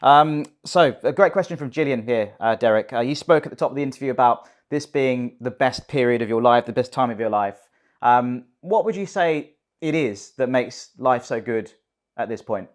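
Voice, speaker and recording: Male interviewer, gentle and agreeable, hesitant phrasing, reads audience questions. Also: mid-range voice, moderate pace.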